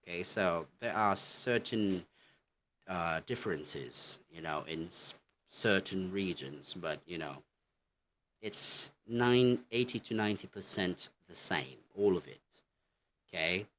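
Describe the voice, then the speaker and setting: A man teaching an English lesson from slides, explaining slowly and often pausing on "okay, so". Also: low-pitched, a bit bright, a little hiss or hum. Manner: slow, halting explanations with many "okay, so".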